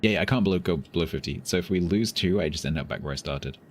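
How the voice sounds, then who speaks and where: A man's voice: low voice, fast talker, a little hiss or hum. An English man streaming a game, chatting casually and rambling with dry, self-amused asides as he reads chat. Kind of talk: casual live-stream chat while gaming.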